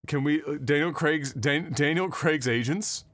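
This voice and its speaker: A man co-hosting a casual podcast, talking in an animated, profane, rambling way with lots of fillers. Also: on the high side, measured pace, no room sound, clean studio sound. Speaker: podcast co-host.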